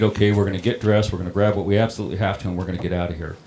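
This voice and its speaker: Deep-voiced man telling his own story. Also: steady tone, background noise. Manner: plain-spoken, halting, many ums and restarts. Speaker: water district operator on a panel. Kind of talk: personal storytelling.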